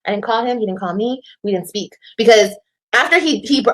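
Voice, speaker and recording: A woman telling her side of a breakup on a livestream in an animated, profane way, repeating lines for emphasis. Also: high voice, fairly quick. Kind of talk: casual livestream storytelling.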